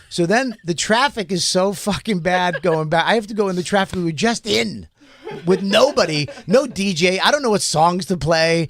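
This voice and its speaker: Male comic podcast host, slightly high voice, profane rambling storyteller. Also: animated, moderate pace. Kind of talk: casual storytelling chat.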